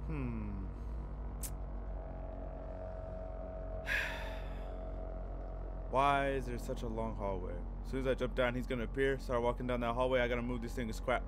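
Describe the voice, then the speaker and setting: A man's voice: mid-range voice, fairly even intonation, quick pace, few pauses, background noise. A man commenting on a horror game as he plays, jittery and profane, swinging from muttering to yelping in fright. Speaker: gameplay commentator. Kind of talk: let's play commentary.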